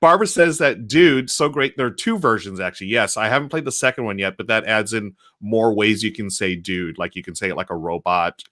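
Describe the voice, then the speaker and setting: Bright-voiced, chatty male game podcast host. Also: fairly low pitch, fairly quick, few pauses, no echo, studio quality. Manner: enthusiastic, chatty, laughs often. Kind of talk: casual chat about board games.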